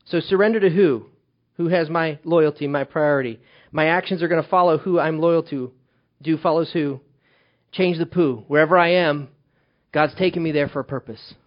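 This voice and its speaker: A man preaching a sermon as pastor, swinging from loud emphatic calls to hushed, quiet lines. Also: a little high, normal speed, dull audio.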